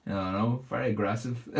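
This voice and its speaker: A man hosting a casual livestream, chatting with viewers as he paints. He is relaxed and laughs often. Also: mid-range voice, measured pace, creaky. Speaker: livestream host. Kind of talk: casual livestream chat reading viewer comments.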